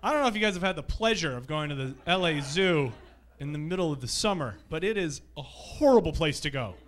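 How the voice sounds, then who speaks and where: A man working through a stand-up set at a comedy club, his voice bright and a touch higher than most men's. He rambles loosely through his stories and swears freely. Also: lively intonation, brisk. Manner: loose, profane, rambling storytelling.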